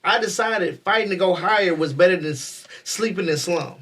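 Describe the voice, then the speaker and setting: A man with a high voice pushes his point hard, cutting in with repeated denials. He sits a little back from the mic, so he sounds slightly distant. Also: normal speed, fairly bright tone, husky. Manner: insistent, talks over others with repeated "no, no". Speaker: podcast co-host. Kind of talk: heated casual debate.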